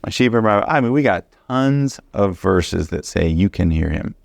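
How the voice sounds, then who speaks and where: A man teaching a Bible study sermon, earnest and animated, stressing points by repeating them. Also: on the low side, normal speed, vocal fry, dry recording. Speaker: preacher.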